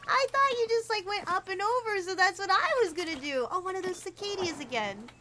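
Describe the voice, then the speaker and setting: A woman streaming a game, chatting casually with her viewers, giggling often and quick to get excited. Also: very high voice, noisy background. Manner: bubbly, giggly, talks to chat. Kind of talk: casual gameplay livestream chat.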